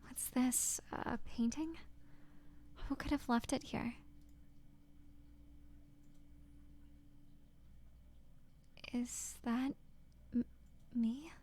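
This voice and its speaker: A woman's voice: on the high side, slow pace, darkish tone, slight background noise. A woman voicing a distraught young woman who stammers and pleads, reading game dialogue aloud. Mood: frightened. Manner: trembling, stammering, breaking into whispers.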